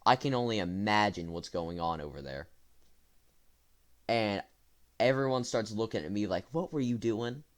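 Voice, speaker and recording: A man's voice: lowish voice, expressive, normal speed, long pauses. A young man casually telling a rambling story to his viewers, full of fillers and restarts. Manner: rambling, with fillers and self-corrections. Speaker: storytime vlogger.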